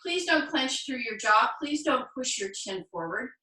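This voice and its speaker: A woman teaching a live online yoga class, cueing poses gently and encouragingly with playful asides. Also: high voice, expressive, measured pace, roomy sound, far from the mic, poor audio. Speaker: yoga instructor. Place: home room, on a video call.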